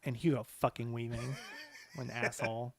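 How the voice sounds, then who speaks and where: A man co-hosting a movie podcast in animated, profane casual chat, laughing often. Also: medium pitch, moderate pace. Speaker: podcast co-host.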